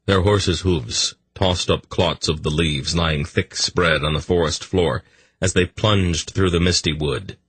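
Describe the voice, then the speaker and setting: A man narrating a fantasy audiobook in an even, measured storytelling manner. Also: low-pitched, a little hiss or hum.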